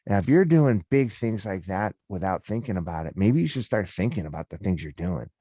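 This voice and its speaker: A man's voice: low voice, expressive, a little fast, mellow, no echo, studio quality. A middle-aged man, a podcast guest, telling a personal story in casual, candid talk with many restarts.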